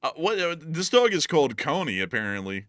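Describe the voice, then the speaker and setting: This man's voice is fairly high and sing-song, brisk and a bit bright, with no room sound. He hosts a war news livestream, giving casual commentary with jokes, putting on funny voices and talking loosely with plenty of fillers.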